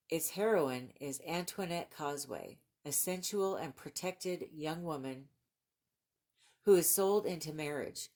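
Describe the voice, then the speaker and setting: A woman book vlogger chatting casually about new books and reading the blurbs aloud, gushing and excitable and laughing often. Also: deep voice.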